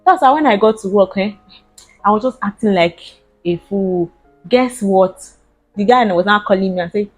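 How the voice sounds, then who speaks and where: Speaking briskly at medium pitch over soft background music, a young Nigerian-accented woman shares a personal story in a casual vlog. She's lively and quick to laugh, sprinkling in Pidgin slang.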